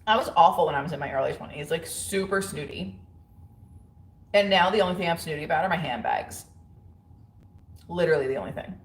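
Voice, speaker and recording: A chatty woman in her thirties talks casually to her livestream viewers from home. Her voice sits low, and the room adds a noticeable echo. She is frank, full of fillers, and quick to laugh. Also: animated. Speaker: livestream host. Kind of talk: casual livestream chat reading viewer comments. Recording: roomy echo.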